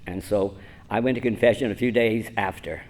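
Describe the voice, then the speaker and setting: A man's voice: fairly low pitch, a little fast, creaky, a little mellow. A man in his seventies giving a rambling, self-mocking personal talk at a church conference, chuckling often. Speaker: conference speaker.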